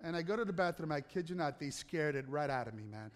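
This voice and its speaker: A man preaching to an audience, telling a self-mocking personal story in an animated way with asides to the crowd. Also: fairly high pitch, fast. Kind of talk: storytelling sermon. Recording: hall reverb.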